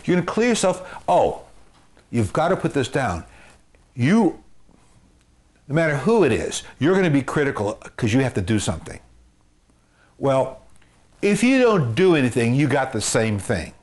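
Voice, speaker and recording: A man's voice: mid-range voice, very animated, normal speed, long pauses. Earnest man coaching with repeated phrases. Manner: gives homespun comparisons. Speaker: marriage and family therapist. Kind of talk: advice talk to camera.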